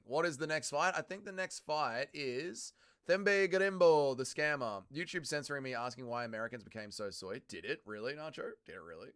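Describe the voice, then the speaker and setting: A man hosting a live fight watch-along stream, talking casually with chat and yelling profane instructions at the fighters. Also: fairly high pitch, clean tone. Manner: excitable, profane, yells at the fighters. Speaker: livestream host.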